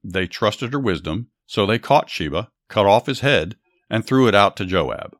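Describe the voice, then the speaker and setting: Deep male podcast host, earnest scripted Bible narration, dry close mic. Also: animated, moderate pace, a bit bright, no room sound.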